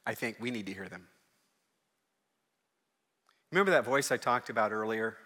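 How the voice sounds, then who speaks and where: A man preaching a sermon as a pastor, moving from chatty asides to loud, fervent exhortation. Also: lowish voice, animated, normal speed, big-room sound. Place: church.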